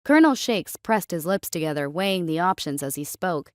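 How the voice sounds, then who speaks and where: A woman reading a science fiction story aloud in a steady, even storytelling voice. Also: on the low side, fairly quick, no room sound, studio quality. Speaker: narrator. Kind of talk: scripted story narration.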